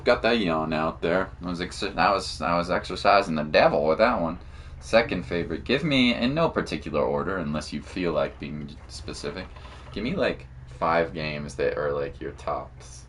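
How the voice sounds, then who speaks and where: A man with a deep voice hosts a game stream and talks to his chat in a loose, easygoing way. He keeps it casual and friendly, with a bit of soft noise in the background. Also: moderate pace. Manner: relaxed, chatty, talks to chat while playing. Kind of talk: casual let's-play chat.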